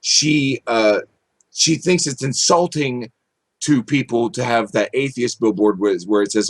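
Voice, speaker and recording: Husky, stammering male co-host. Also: medium pitch, measured pace. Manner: stammering, indignant, with frequent restarts. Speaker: podcast co-host. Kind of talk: casual chat commentary.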